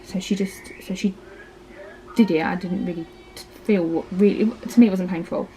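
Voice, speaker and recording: On a low-quality recording with slight background noise, a woman with a fairly low, dark voice talks at normal speed with fairly even intonation. This Essex-born parenting vlogger in her thirties, speaking with an Essex English accent, chattily relates her birth story, acting out quotes and leaning on "like" and "um."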